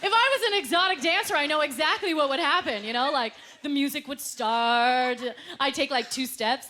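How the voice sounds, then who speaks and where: A woman doing a stand-up comedy set, animated and laughing through her punchlines as she acts out quoted voices, recorded live on a club stage with a handheld mic. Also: high voice, normal speed. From Canada. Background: audience laughter and room noise.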